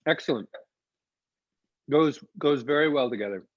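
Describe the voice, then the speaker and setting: A man's voice: medium pitch, moderate pace, dry recording, muffled recording. A man co-founding a winery, presenting a live online wine tasting in an enthusiastic, chatty way and explaining as he tastes. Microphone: video call.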